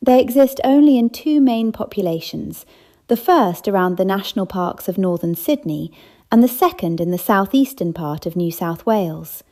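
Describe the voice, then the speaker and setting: A woman voicing a snobbish society woman who speaks in an overly posh, flat monotone. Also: medium pitch, normal speed, natural voice.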